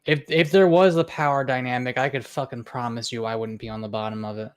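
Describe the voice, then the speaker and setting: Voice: medium pitch, fairly even intonation, fast, smooth. A co-host on a game stream, bantering in a dry, teasing way. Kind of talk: casual game let's-play chat. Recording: game music underneath.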